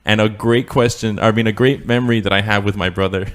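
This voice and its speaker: A man's voice: lowish voice, fairly even intonation, brisk. A young man co-hosting a podcast, telling a childhood story in a rambling, swearing, laughing way. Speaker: podcast co-host. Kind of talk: casual storytelling chat.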